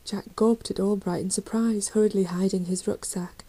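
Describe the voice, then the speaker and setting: A woman's voice: mid-range voice, flat delivery, normal speed, hardly any pauses, poor audio. A woman narrating a children's fantasy storybook in a dramatic reading style. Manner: dramatic reading, raising voice for shouted lines. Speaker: audiobook reader.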